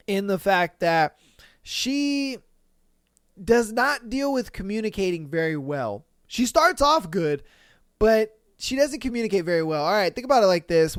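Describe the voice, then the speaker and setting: A man hosting a podcast, giving casual, animated, slangy commentary and laughing often. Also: high-pitched, clear, resonant tone, no room sound, clean studio sound. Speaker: podcast host. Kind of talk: casual reality-show commentary.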